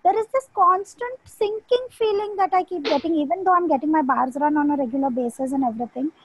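A woman's voice: high-pitched, fast talker, no echo, rough recording. A woman asking for coaching, talking hesitantly with many fillers and restarts. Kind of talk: casual call conversation.

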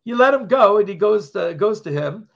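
A man's voice: high voice, expressive, normal speed, gravelly. A man co-hosting a podcast in casual chat, rambling from point to point and laughing often. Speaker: podcast co-host. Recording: dull lo-fi sound.

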